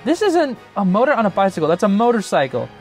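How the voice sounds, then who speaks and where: A man voicing a polite, excitable male bike inventor in a prim, chirpy manner. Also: sits high, fast talker, faint music behind, voice pushed up, heavily acted. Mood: enthusiastic.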